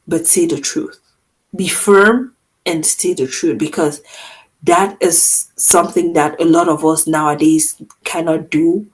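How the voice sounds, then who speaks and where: A woman co-hosting a podcast in casual chat, talking firmly and emphatically with lively swings in loudness. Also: fairly low pitch, poor audio. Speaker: podcast co-host.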